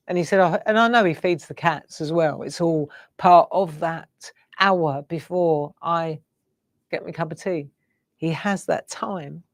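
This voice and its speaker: A woman's voice: fairly low pitch, no room sound, studio quality. A middle-aged woman, hosting a live craft show and musing in a rambling, reflective way while tearful. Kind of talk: casual live-stream chat.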